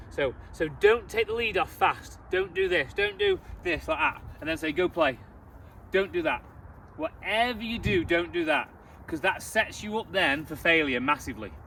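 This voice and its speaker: A dog trainer gives emphatic, repetitive instructions during an outdoor training demonstration on open ground. His voice is high with a fairly bright tone, and it sounds distant amid outdoor noise.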